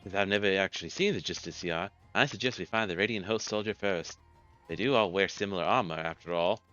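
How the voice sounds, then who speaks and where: A man voicing a calm, measured adult male companion who speaks deliberately, over a dull lo-fi game capture. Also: deep voice, soft background music.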